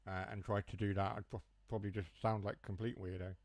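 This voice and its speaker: Fast-talking with a lowish voice that barely moves in pitch, a young Huthwaite man from the Mansfield area of Nottinghamshire, England, streams a train game. His casual chat wanders through joking asides, and he drops his H's and T's. The recording is dry.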